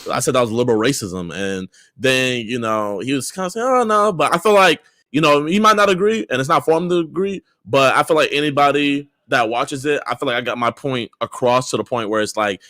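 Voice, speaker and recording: A man's voice: medium pitch, fairly quick, few pauses, pushed and bright, dry recording, clean studio sound. A young man speaking as a guest on a livestream, in upbeat, rambling, earnest casual chat. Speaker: streamer guest.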